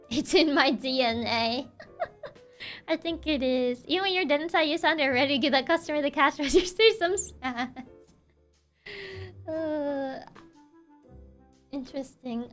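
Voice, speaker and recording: Bright, high-voiced soft-spoken woman streamer. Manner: laughs often, sassy, playful. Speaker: VTuber streamer. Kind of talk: casual livestream chat, reading chat aloud.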